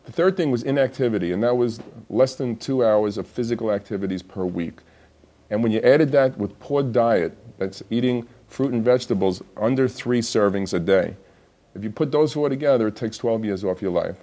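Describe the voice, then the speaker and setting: A man's voice: on the low side, normal speed, dark tone. A man hosting a TV health show, talking casually and chatting to viewers. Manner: chatty, laughs through his own joke. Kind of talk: casual TV talk.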